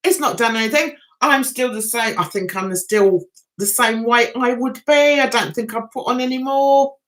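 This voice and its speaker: A woman's voice: on the high side, normal speed, fairly bright tone. A middle-aged woman hosting a casual livestream, telling a story in a chatty way and laughing often. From England. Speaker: livestream host.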